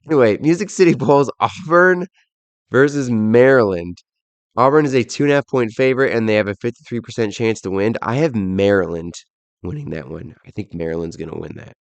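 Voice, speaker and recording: On his solo football show, a young guy breezes through bowl odds and picks with offhand, self-mocking humor. His lowish voice is animated and brisk, carrying some vocal fry, and the recording has no echo.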